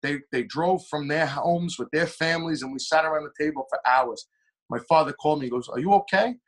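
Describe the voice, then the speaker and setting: A young man spins a story as a podcast guest. His voice sits a bit high for a man. He keeps his telling lively, speeding up and slowing down as he goes. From Long Island, New York. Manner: animated storyteller with shifting pitch and pace. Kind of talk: casual storytelling interview.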